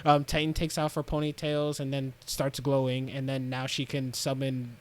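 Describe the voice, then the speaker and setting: A man's voice: mid-range voice, monotone, normal speed. A young man co-hosting a podcast, rambling through a recap and laughing often. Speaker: podcast co-host. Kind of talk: casual recap chat.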